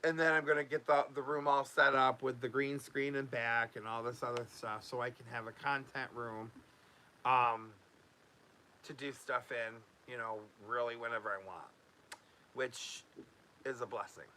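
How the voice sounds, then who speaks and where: A man's voice: mid-range voice, steady tone, normal speed, pushed and bright, slight background noise. A man hosting a casual home vlog, talking loosely with many fillers and restarts. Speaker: YouTube host.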